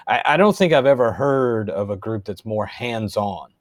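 A man's voice: fairly low pitch, lively intonation, moderate pace, no room sound. A man hosting an interview, asking long, thoughtful questions. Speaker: host, interviewer. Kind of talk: casual interview.

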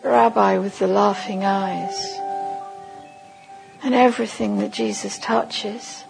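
A woman giving a sermon at a conference, leading listeners through a vivid imagined story in a slow, deliberate second-person voice. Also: medium pitch, fairly even intonation, gravelly, over music, low-quality recording. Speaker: conference speaker.

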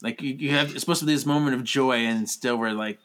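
A man chatting casually about a TV episode, animated and gushing, breaking into dramatic quoted outbursts. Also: medium pitch, fast. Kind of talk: casual chat recapping a TV episode.

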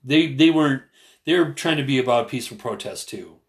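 Speaking at normal speed in a mid-range voice, a man co-hosts a relaxed podcast conversation. He comes across earnest and hesitant, with lots of fillers and restarts, and gets louder and animated when retelling others.

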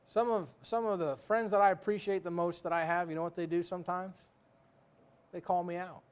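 A man's voice: high-pitched, steady tone, fairly quick, clear, resonant tone. A man preaching a sermon in a folksy, joking way, full of rhetorical questions.

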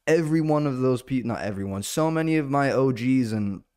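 A man hosting a solo comedy podcast in a rambling, profane monologue, now and then jumping into loud, high-pitched bits. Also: lively intonation, fairly quick, clear, resonant tone.

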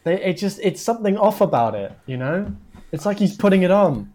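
Improv comedy: male actor as suspicious wife, halting delivery, mellow tone, lively pitch. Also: exaggerated voice. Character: suspicious wife fixated on an accent. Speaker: improv performer.

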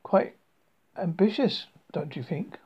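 A reader voicing a detached, clinical man who studies captive humans, speaking matter-of-factly with halting restarts. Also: mid-range voice, sing-song, breathy edge, lo-fi sound, heavily acted.

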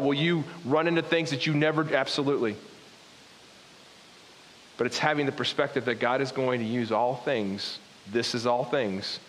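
A man's voice: medium pitch, fairly bright tone. A man preaching a sermon as pastor, earnest and repetitive, breaking off into asides now and then. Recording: long hall reverb with faint hiss.

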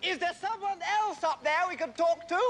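A man's voice: very high-pitched, fairly quick, a bit bright. An actor playing a formal, commanding medieval king who calls up to a castle. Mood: lordly. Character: stately, indignant medieval king. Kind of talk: film comedy acting. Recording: noisy film clip, distant.

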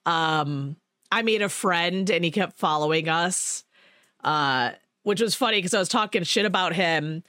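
A woman hosting a podcast, telling a rambling, animated story in casual chat, with swearing and laughter. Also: lowish voice, a little slow, dry recording, studio quality. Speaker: podcast host.

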